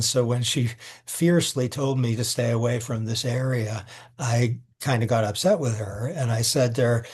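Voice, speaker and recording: An older man, a law professor, answering interview questions in a thoughtful, halting way, at times emotional. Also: medium pitch, a little mellow, breathy edge.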